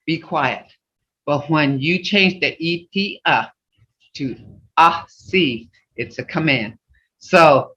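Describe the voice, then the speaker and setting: A language teacher on a video call who repeats words and swoops the pitch to show tones. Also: pushed and bright. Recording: roomy, dull lo-fi video call audio.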